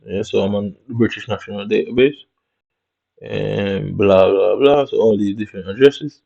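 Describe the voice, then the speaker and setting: A man from Jamaica, speaking with a Jamaican accent, vlogs while muttering to himself, casually commenting on his screen with slang and swearing. He has a lowish, creaky, warm voice, heard through a dull lo-fi recording.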